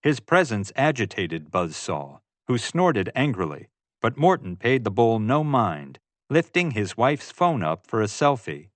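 A man's voice: medium pitch, very animated, measured pace, dry recording. A man giving first-person audiobook narration in a wry, storytelling manner.

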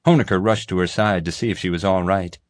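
A man reading a story aloud as an audiobook narrator, steady and clear. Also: deep voice, fast talker, no echo, studio quality. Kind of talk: scripted narration.

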